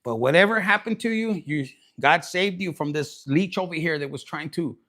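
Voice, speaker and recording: A man's voice: fairly high pitch, expressive, moderate pace, bright, forceful tone. Crude, joking man reading tarot. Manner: crude, joking, mixes in Spanish slang. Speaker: tarot reader.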